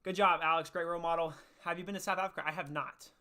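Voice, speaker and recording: A man's voice: a little high, fairly even intonation, racing, heavy background noise. A young man hosting a casual faith livestream, upbeat and chatty, reading and answering viewers' chat. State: out of breath after push-ups. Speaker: livestream host.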